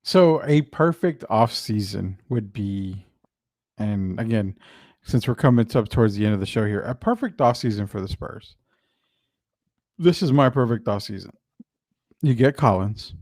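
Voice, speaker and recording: A man hosting a casual sports talk show, chatting in a loose, drawn-out, questioning way. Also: lowish voice, animated, darkish tone, no echo, clean studio sound. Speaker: sports podcast host.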